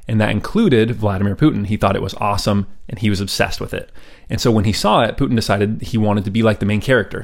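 A man's voice: fairly low pitch, darkish tone. A man hosting a podcast, telling a history story in a casual, chatty way with asides and fillers. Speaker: podcast host.

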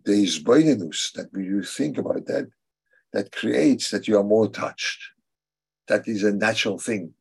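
A man teaching a religious class, answering students' questions in a halting, thoughtful way and repeating key phrases for emphasis. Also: lowish voice, gravelly, a little mellow, slightly rough.

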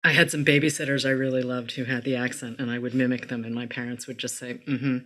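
Bright-voiced woman from boston interviewing an author, chatty and gushing. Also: rumbling low, little pitch movement, fast talker. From Boston area. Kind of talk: casual interview talk.

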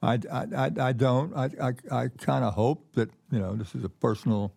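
An older man, a keynote guest, telling stories in a relaxed conversational way, often repeating words and pausing with fillers. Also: mid-range voice, gravelly, slightly rough. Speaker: keynote guest, former ambassador. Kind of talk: conversational storytelling. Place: conference stage with audience.

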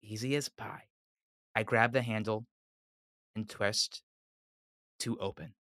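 A man's voice: on the low side, steady tone, slow, a bit bright, no echo, clean studio sound. A man playing a comedy tabletop game, joking and laughing between moves. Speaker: player.

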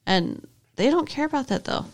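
A woman's voice: high voice, sing-song, moderate pace, creaky. A woman co-hosting a podcast, chatting casually through a TV episode recap and laughing often. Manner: laughs often, questions co-host's takes. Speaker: podcast co-host.

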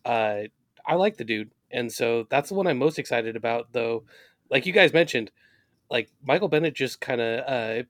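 A man's voice: mid-range voice, fairly bright tone, no echo, clean studio sound. A man co-hosting a casual sports podcast who tells rambling, jokey stories. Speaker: podcast co-host.

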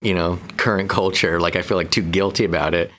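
A man's voice: sits low, fairly even intonation, fairly quick, a bit bright, a little hiss or hum. A man co-hosting a podcast as a counselor, talking in a playful, rambling way with frequent laughs. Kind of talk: casual podcast chat.

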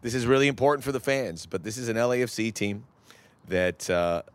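A man's voice: mid-range voice, lively intonation, smooth. A man co-hosting a casual soccer talk show who weighs his words and often restarts his sentences. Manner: measured and reflective, with hesitant restarts. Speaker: soccer podcast co-host. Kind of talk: casual sports chat.

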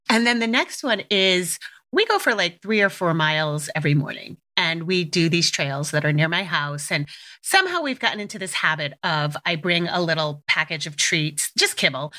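Chatty woman host with a bright voice. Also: on the low side. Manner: chatty, candid, animated, occasional swearing. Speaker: parenting podcast host. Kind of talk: casual storytelling monologue.

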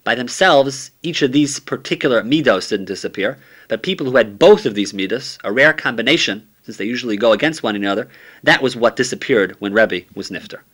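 A man's voice: medium pitch, expressive, a little fast, a bit bright. A man teaching a summary of a Talmud page, reading steadily and using many Hebrew and Aramaic terms.

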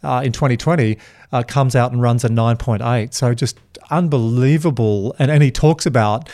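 A man hosting a podcast, sounding keen as he tells stories in an easy, conversational way. His voice sits at an ordinary middle pitch for a man. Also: moderate pace, darkish tone. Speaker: podcast host.

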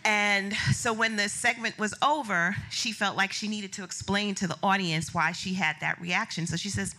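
Bright-voiced woman telling a lively story. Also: medium pitch, normal speed. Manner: animated storyteller, acts out quotes, laughs often. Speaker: business founder telling a story on stage. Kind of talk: live stage storytelling.

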